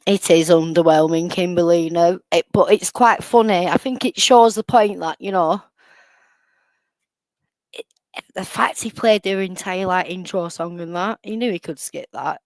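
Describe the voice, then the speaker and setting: A chatty woman hosts a live stream, commenting on clips with sarcastic asides. Her voice sits a little low and sounds close and dry, with no room around it. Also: normal speed, a little mellow, no echo. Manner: chatty, sarcastic, laughs often. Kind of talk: casual commentary over clips.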